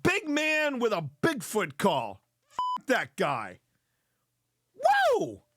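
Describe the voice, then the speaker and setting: A man hosting a live show, reacting to clips in excitable, rambling commentary full of repeated words and swearing. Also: sits high, slow pace.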